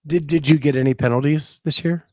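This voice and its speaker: A man hosting a casual interview, asking relaxed, conversational questions. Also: on the high side, fairly quick, no echo, studio quality. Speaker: podcast host, interviewer.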